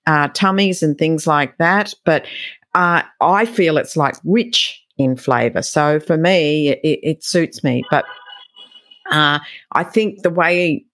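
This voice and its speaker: Woman, low voice, dry close sound, interviewer, rambling questions. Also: slow, fairly bright tone, dry recording. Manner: long rambling questions with fillers.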